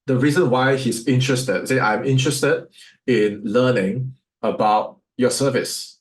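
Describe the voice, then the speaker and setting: A man with a Singaporean English accent teaches sales, firing question after question at his audience. His voice sits at an ordinary pitch for a man. The sound bounces around an echoey room. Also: unhurried. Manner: rhetorical, fires off questions at listeners. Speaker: sales coach.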